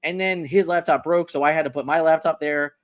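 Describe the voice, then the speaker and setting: Male card-game streamer, mid-high voice, loose rambling chat, lots of restarts. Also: brisk. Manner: rambling, repeats words, animated. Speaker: livestream host. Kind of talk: casual livestream chat.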